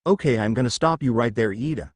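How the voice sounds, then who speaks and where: A man voicing an unimpressed young male hero student with a deadpan, sarcastic manner. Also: medium pitch, quick pace, no room sound, studio quality, lightly acted.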